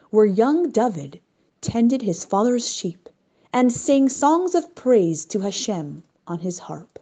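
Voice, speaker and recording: A woman narrating a story in an expressive, unhurried way. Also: a little high. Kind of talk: scripted narration.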